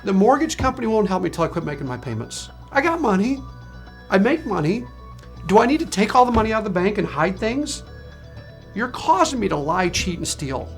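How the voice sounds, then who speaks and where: A man's voice: sits high, big pitch swings, a little fast. A man speaks in an interview, frustrated and impassioned, his voice rising and falling widely. Faint music sits behind him.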